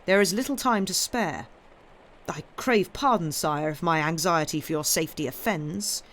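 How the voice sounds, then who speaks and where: A woman's voice: lowish voice, normal speed, a bit bright, a little hiss or hum, natural voice. Woman doing a harsh commanding old-world duke, stern and suspicious, storybook reading. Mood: urgent.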